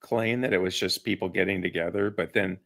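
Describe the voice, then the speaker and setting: Man, host, casual chat, gravelly, low voice. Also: fairly even intonation, fairly quick, fairly bright tone.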